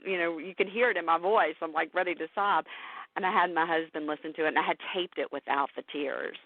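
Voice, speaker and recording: A woman's voice: on the low side, fast. A middle-aged woman talks openly and with feeling in a casual interview. Her voice comes through a tinny, phone-like line. The sound is dry and close, with no room echo. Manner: emotional, candid, animated storytelling with laughs. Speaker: podcast host and caregiver guest.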